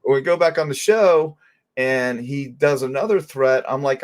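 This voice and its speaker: A man hosting a casual talk show, telling stories in a rambling, animated way full of restarts. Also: mid-range voice, normal speed. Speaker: crime talk show host. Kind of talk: casual chat.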